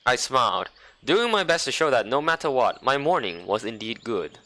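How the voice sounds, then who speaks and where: A man's voice: mid-range voice, big pitch swings, moderate pace, bright, forceful tone. A man reading a visual novel aloud as a let's play host, dropping wry, sarcastic asides. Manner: wry, sarcastic, playful commentary.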